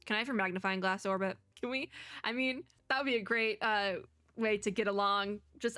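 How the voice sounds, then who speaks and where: A young woman hosting a let's-play on a close desk mic at home, chatty, wry and quick to giggle. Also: mid-range voice, steady tone, sharp tone, no echo, faint music behind. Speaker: gaming channel host.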